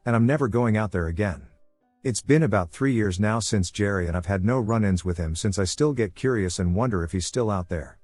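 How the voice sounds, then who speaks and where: A man with a fairly low voice narrates a first-person horror story in a steady, grave manner. The sound is dry and close to the mic, with faint music under it. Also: no echo.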